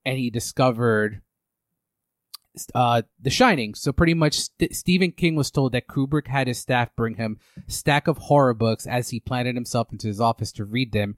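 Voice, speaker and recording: A man's voice: medium pitch, no room sound. A man hosting a casual movie podcast, recapping film history in a rambling way with many restarts. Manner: rambling, lots of fillers and restarts. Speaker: podcast host.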